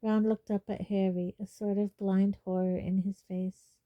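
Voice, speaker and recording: A woman reading a storybook aloud in calm, even narration. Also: medium pitch, measured pace, lo-fi sound. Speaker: audiobook reader.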